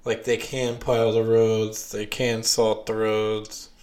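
A man's voice: on the low side, completely flat delivery, a little mellow, reverberant. A young man hosting a casual podcast with his wife, talking with many hesitations. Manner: slow, hesitant, many ums. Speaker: podcast host. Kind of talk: casual chat.

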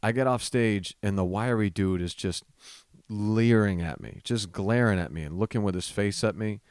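A man in his thirties with a lowish voice tells a story on his own podcast. He talks in a loose, swearing, rambling way, often restarting his sentences. The recording is dry and close, with no room sound. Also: normal speed, a little mellow, smooth, no room sound. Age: 30s. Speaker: podcast host.

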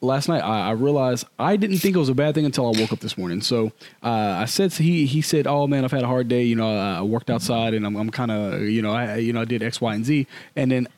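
A man's voice: mid-range voice, fast talker, hardly any pauses, a little mellow, no echo. A man in his thirties, a podcast co-host, telling candid stories in casual chat full of slang. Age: 30s.

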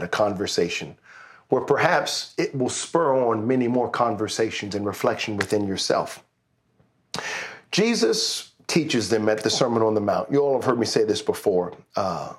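A pastor giving an online sermon, telling a personal story in a conversational way and building to exuberant praise. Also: male voice, on the low side. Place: church service streamed online.

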